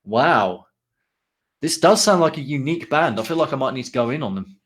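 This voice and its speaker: A man co-hosting a relaxed podcast, reading out band blurbs and pausing often with ums and little asides. His voice sits at an ordinary middle pitch. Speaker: podcast co-host. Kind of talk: casual podcast chat.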